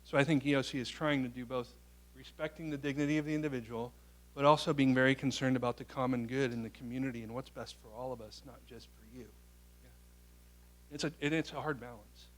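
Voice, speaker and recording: A man giving a public talk, answering an audience question with a lively story. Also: mid-range voice, brisk. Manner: animated storyteller, quotes people in their voices. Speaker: guest speaker.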